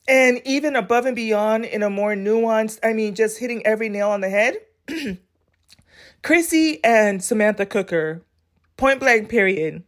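A woman hosting a casual solo podcast, talking candidly and bluntly in a rambling way, with many filler words. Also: on the high side. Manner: blunt and sassy. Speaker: podcast host.

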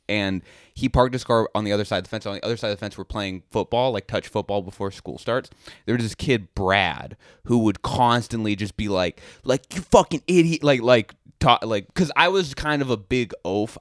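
A man co-hosting a podcast, telling a relaxed, rambling story and swearing freely. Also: on the low side, no room sound, clean studio sound. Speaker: podcast co-host. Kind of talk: casual storytelling.

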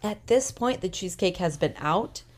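A woman co-hosting a podcast, recapping a TV episode in a casual, animated way with emphatic opinions; she is tired. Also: lowish voice, moderate pace. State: tired, yawning. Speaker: podcast co-host.

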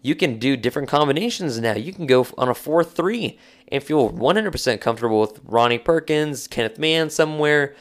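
A man co-hosting a casual sports podcast, talking in a slangy, animated way and acting out quotes. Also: medium pitch, fairly quick. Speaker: podcast co-host.

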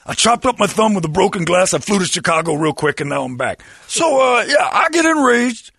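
A man doing an impression of a boastful retired football star who chats with deadpan dark jokes. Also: sits high, fairly quick, gravelly, slightly rough, no room sound, clean studio sound, full character voice.

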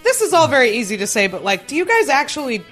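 Brief: higher-pitched female co-host, lively pitch, dry quips, faint music underneath. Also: quick pace. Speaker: podcast co-host. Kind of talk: casual chat.

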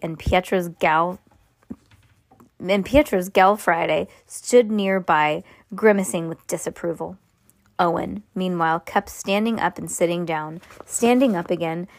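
A woman's voice: medium pitch, no echo. Woman reading a novel aloud at home. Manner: reads with asides, restarts and laughs. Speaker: parent reading aloud to a child. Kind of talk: casual read-aloud of a novel.

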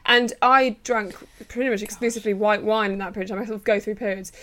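A woman chatting casually as a podcast co-host, telling animated stories. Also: mid-range voice, quick pace. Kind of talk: casual chat.

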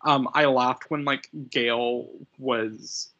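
A man's voice: mid-range voice, fairly even intonation, very slow, fairly bright tone. A young man co-hosting a movie podcast, rambling and giggling, swearing casually. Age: young adult. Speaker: podcast co-host. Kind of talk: casual chat. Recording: dull lo-fi audio.

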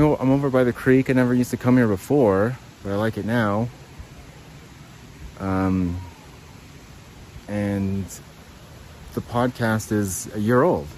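A man's voice: fairly low pitch, darkish tone, slight background noise, rough recording. A man hosting his own podcast, rambling and swearing freely in a loose, self-mocking monologue recorded outside by a creek. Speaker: podcast host. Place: outdoors by a creek.

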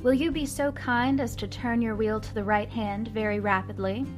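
A woman reads an old story aloud and voices a genteel, flustered lady steamboat captain. She pleads with fussy, exaggerated politeness, and her voice climbs high. Soft music plays behind her. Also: steady tone, moderate pace, close to an everyday voice. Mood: polite pleading.

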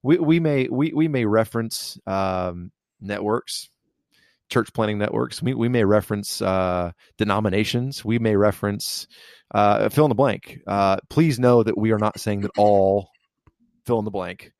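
Low-voiced man, halting podcast chat. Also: darkish tone, no room sound, studio quality. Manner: hesitant, many restarts and fillers. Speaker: podcast co-host. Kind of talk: casual faith discussion.

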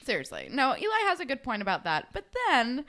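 A woman co-hosting a podcast, chatting casually and sarcastically about a TV episode. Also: a little fast. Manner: expressive, sarcastic, swings pitch widely. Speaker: podcast co-host. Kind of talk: casual chat recapping a TV episode.

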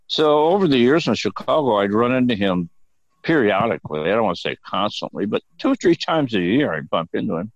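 An older male guest with a very low voice tells meandering, profane stories and laughs easily as he talks. The sound is dry, with no room around him. The recording is dull and lo-fi. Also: very animated, brisk, no echo. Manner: rambling, profane, chuckling storyteller. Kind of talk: casual storytelling interview.

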